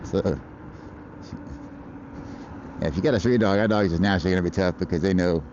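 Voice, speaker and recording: The recording is lo-fi with a noisy background: an American man, voice sitting low and a little fast, livestreams from his bike in traffic. He rambles casually, curses, and laughs frequently.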